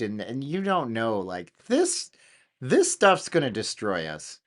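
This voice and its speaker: A man hosting a casual studio chat, excitable and slangy, thinking aloud as he talks. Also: mid-range voice, takes it slowly. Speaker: channel host. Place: home studio.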